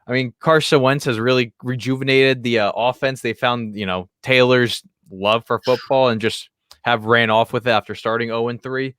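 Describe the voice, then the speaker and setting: A man's voice: medium pitch, steady tone, moderate pace, fairly bright tone, clean tone, no room sound, clean studio sound. A man co-hosting a sports podcast, talking in a laid-back way and teasing his co-host with questions. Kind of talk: casual sports chat.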